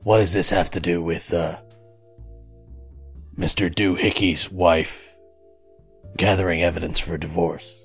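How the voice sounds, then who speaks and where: A man's voice: low voice, fairly even intonation, unhurried, long pauses, slightly rough, faint music behind. A man playing a private eye in a comedic tabletop game, crude and joking. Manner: crude, joking, laughs often. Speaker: player, hard-boiled private eye. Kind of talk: comedic tabletop role-play.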